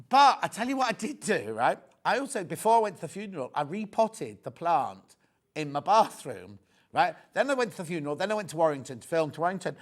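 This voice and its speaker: A man's voice: high-pitched, big pitch swings, a little fast, a bit bright. A middle-aged man presenting a live TV sales show, chatting in rambling, joking asides between prices. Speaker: shopping channel presenter.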